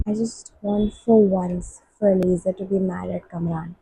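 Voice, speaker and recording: A woman's voice: mid-range voice, takes it slowly, vocal fry, pauses often, warm tone, a little hiss or hum, rough recording. A young woman vlogging as she reads, gushing emotionally as she reacts and reads passages aloud. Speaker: book vlogger. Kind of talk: casual reading-vlog commentary.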